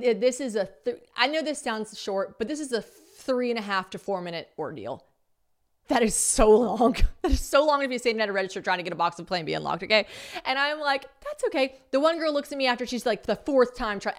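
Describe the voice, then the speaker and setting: A woman's voice: a little high, fairly bright tone. A woman in her thirties hosting a podcast, telling a story casually and acting out her own thoughts in exaggerated voices. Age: 30s. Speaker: podcast host.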